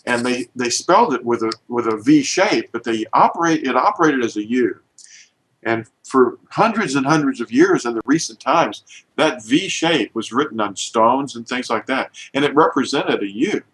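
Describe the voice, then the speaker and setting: A man's voice: mid-range voice, expressive, moderate pace, a bit bright, poor audio. Man explaining letters at a board. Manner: emphatic, with frequent restarts. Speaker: teacher. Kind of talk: informal spoken lesson.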